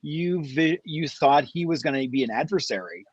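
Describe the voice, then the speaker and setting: A man's voice: fairly high pitch, animated, moderate pace, slightly rough, no room sound, dull audio. A man co-hosting an interview, reflecting back on the guest's story and affirming it. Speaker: co-host. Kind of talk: casual interview chat.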